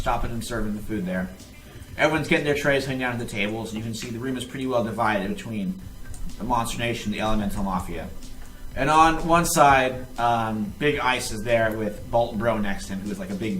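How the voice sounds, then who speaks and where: A man runs a tabletop game, narrating scenes in a lively, chatty way with frequent laughs. His voice sits mid-range in a roomy space, with faint music behind. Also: medium pitch. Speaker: game master.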